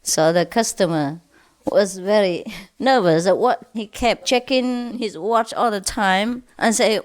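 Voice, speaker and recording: A woman spiritual teacher telling funny stories to a gathering, laughing often and pausing with "uh". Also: medium pitch. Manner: laughs often, with frequent "uh" pauses.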